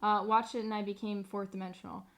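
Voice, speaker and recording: A woman's voice: medium pitch, level tone, quick pace, a bit bright. A young woman streamer chatting casually, rambling, sarcastic and swearing freely. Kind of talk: casual live-stream chat.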